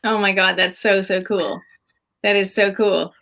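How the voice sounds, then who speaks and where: A woman's voice: mid-range voice, fairly even intonation, unhurried, gravelly, fairly bright tone. A woman hosting a casual chat on a video call, enthusiastic and full of fillers. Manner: enthusiastic, chatty with many fillers. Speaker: host.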